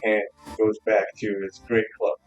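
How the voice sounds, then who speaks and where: Lower-voiced man game master, halting narration with ums, faint music behind. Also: level tone, dull audio. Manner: halting, with many ums and restarts.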